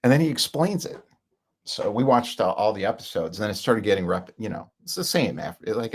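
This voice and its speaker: Gravelly, husky man rambling with chuckles. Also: on the low side, animated, brisk. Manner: rambling, chuckles often, many fillers. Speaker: self-help speaker. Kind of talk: casual rambling talk.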